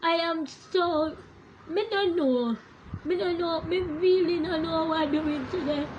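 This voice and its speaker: A woman's voice: very high voice, measured pace, muffled recording, background noise. A woman chatting on a live stream from her phone, distracted and laughing at herself. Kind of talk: casual live stream chat.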